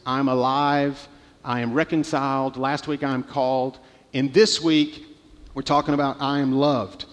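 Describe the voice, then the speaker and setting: A man's voice: mid-range voice, big-room sound. A man in his thirties preaching a sermon, telling a personal story with many restarts and fillers. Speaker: pastor.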